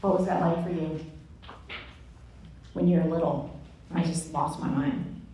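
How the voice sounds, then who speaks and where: A woman's voice: low-pitched, measured pace, a little hiss or hum. Candid woman speaking in an echoey room. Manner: candid, self-mocking, animated storytelling. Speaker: Bible study speaker. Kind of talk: sermon-style teaching talk. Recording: echoey room from far off, faint ambience.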